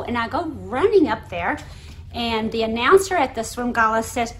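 A middle-aged woman pastor preaching in a church, her voice sitting a little high. She tells a personal story with lively energy, acting out the voices of the people in it. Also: normal speed.

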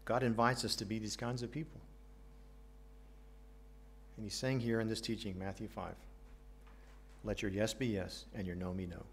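A man's voice: lowish voice, steady tone, moderate pace, long pauses, a little hiss or hum. American man preaching a sermon. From United States. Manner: earnest, asks the congregation questions, light jokes. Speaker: pastor.

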